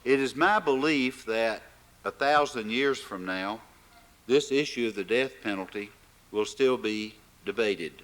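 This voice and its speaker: A man in his sixties with an Arkansas accent, giving a folksy welcome speech to a live audience as host, pausing often on fillers. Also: mid-range voice, fairly bright tone. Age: 60s. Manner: folksy, halting with frequent fillers. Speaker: event host.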